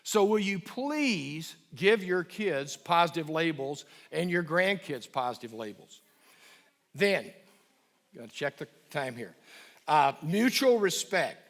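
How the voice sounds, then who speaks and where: A middle-aged man with a fairly high voice gives a parenting talk to a live audience in a church hall. He talks emphatically, slowing down to stress and repeat key phrases. He asks the audience questions as he goes. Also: very animated. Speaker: guest speaker on parenting.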